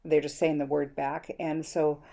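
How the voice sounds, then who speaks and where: A woman's voice: low voice, little pitch movement, a little slow, creaky, dark tone. A middle-aged woman giving a teaching presentation, explaining steps and acting out the prompts she gives students. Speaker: educator presenting a reading method.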